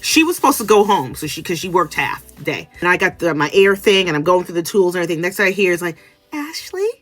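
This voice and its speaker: A woman vlogger telling a story in casual monologue, animated and acting out other people's lines, often restarting her sentences. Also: fairly low pitch, fast talker, soft background music. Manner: animated, acts out quoted voices; restarts and trails off mid-sentence.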